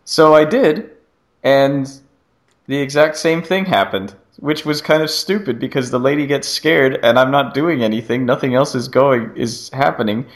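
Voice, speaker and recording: A man co-hosting a casual gaming podcast, rambling through an animated retelling of a game demo. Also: mid-range voice, normal speed. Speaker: podcast co-host.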